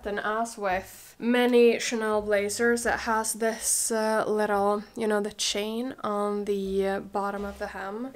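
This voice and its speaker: A young woman with a cold, chatting casually and gushing through a clothing try-on, full of "like" and "oh my god". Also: medium pitch. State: has a cold, a bit out of breath. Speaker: fashion vlogger.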